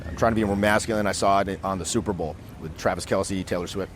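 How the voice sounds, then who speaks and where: A man with a fairly low voice gives a casual coaching talk. He is outdoors in a city, and faint noise hums behind him. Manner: animated, acts out quick scenes. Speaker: dating coach.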